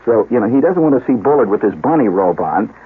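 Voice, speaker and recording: A man's voice: on the low side, sing-song, quick pace, slightly rough. A man hosting a radio show, telling a long comic story in a rambling, digressive way with asides. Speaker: radio host. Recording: narrow, lo-fi 1970s radio broadcast.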